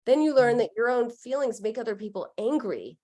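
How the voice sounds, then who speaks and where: A woman speaking as a psychoanalyst guest on a podcast, telling stories in an animated way and acting out the people she quotes. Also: a little high, brisk. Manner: animated storytelling, acts out quotes, laughs easily. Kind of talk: podcast interview.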